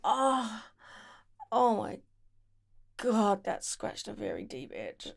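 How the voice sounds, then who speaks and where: Slow, gravelly British woman. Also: mid-range voice, huge pitch swings. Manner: breathy, moaning, often dropping to a whisper. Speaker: audio performer. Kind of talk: intimate audio role-play.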